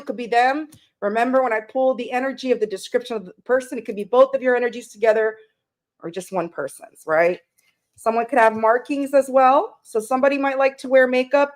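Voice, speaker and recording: Woman, tarot live-streamer, slightly high voice, chatty and affectionate with viewers. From Canada. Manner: chatty, greets viewers with pet names.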